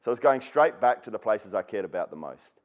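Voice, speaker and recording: A man's voice: lowish voice, big pitch swings, fast talker, dull audio. A man with an Australian accent, from Western Australia, giving a personal storytelling talk at an education event. He speaks earnestly and acts out the people he quotes.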